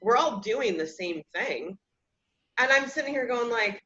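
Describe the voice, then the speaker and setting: Her voice is a little high, expressive, and pushed bright, and she takes her time as she shares casual personal stories on her podcast. The host, a woman in her thirties, is candid and self-deprecating and laughs at herself a lot, all on slightly dull lo-fi audio.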